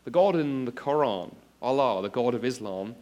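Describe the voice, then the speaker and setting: A man's voice: mid-range voice, expressive, moderate pace, warm tone. Earnest male preacher addressing students. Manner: earnest, rising to emphatic exclamations; addresses the audience directly with examples. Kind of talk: apologetics talk. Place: speaking to an audience of students.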